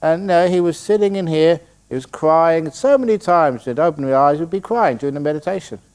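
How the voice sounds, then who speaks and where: In a meditation hall on retreat, a joking older Englishman who teaches Buddhist meditation fields questions, fairly quick and a little mellow in a fairly high voice. His humorous Q&A is full of stories and quoted voices he acts out.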